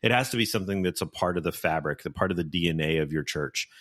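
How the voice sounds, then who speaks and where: A man's voice: low voice, fast talker, fairly bright tone. A man hosting a podcast, earnestly giving practical advice in a casual conversation. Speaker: podcast host.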